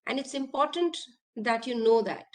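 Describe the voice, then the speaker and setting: A woman's voice: on the high side, normal speed, darkish tone. A woman, an executive coach giving an online workshop talk, earnest and full of questions to her listeners.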